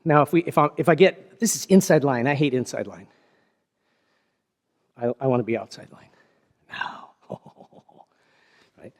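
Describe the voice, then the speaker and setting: A man in the middle of teaching a karate class, talking through a technique as he demonstrates it on a partner. He explains in a chatty, easygoing way, pokes fun at himself now and then, and keeps checking in with the students. His voice sits at an ordinary pitch for a man and trails off with a long reverb from the big dojo room. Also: lively intonation, normal speed, pauses often. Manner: explanatory, chatty, self-deprecating with laughs. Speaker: karate instructor. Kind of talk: hands-on martial arts teaching.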